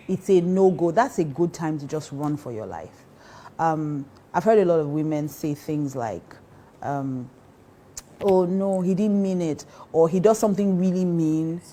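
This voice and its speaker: A woman giving emphatic, animated relationship advice and laughing often. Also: fairly low pitch, slight background noise. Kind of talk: casual advice talk.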